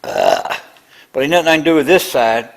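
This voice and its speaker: A man's voice: a little high, wildly swooping pitch, moderate pace, vocal fry, rough recording. An older man, talking through a tractor build in his machine shop in a rambling, grumbling way. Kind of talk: casual workshop vlog.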